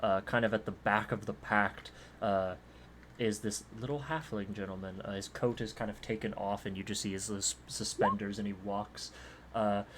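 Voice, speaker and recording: Lowish-voiced man running a tabletop game. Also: fairly even intonation, normal speed, background noise. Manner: rambling with many fillers. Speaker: game master.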